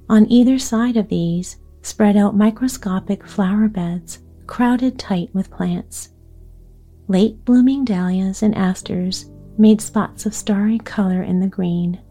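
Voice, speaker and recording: Woman, bedtime story reading, gentle, mellow voice, soft music behind. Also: medium pitch. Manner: gentle, soothing.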